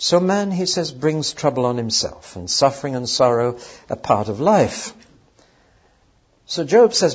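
A man's voice: medium pitch, very animated, measured pace, breathy edge. A man teaching on a Bible passage in a conversational way, often putting questions to his listeners. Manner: conversational, asks the audience questions. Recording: dull lo-fi recording.

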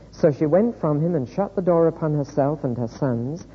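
A man's voice: a little high, expressive, mellow, breathy edge. Man preaching in an echoey hall. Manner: measured, deliberate reading aloud. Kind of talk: sermon with scripture reading. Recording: echoey hall, dull lo-fi sound.

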